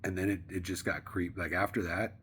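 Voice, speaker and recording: A man vlogging in a casual, rambling monologue, profane and slangy, sometimes dropping to a hush. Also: low voice, level tone, fairly quick, a little hiss or hum.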